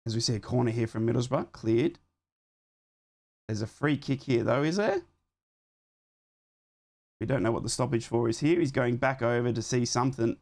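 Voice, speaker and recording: A young man with a hoarse voice from a chest infection, hosting a live football watchalong, chatting to his viewers between calls on the match. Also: mid-range voice, normal speed, pauses often, a little mellow. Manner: chatty, talks to his live chat while fixing things on the fly. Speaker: watchalong host.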